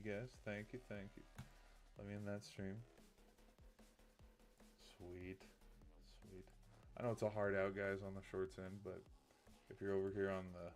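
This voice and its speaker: A tired man talks casually on a late-night livestream in a somewhat low voice. He rambles and gets heated, tripping over restarts and filler words. Faint music plays behind him. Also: a little mellow. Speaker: streamer.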